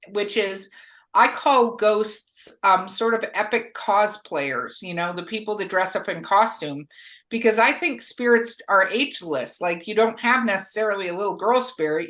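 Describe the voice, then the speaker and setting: A woman's voice: medium pitch, fairly bright tone. A woman hosting a podcast, musing aloud and tagging her thoughts with "right?". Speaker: podcast host. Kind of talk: casual interview chat.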